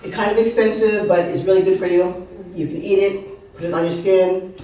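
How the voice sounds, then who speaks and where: Medium in pitch with a dark tone, her voice stays fairly even in intonation and moderate in pace. She's a fifty-something author telling humorous personal stories at an art venue's open mic, chatting away with asides and audience questions. Heavy echo makes her sound distant.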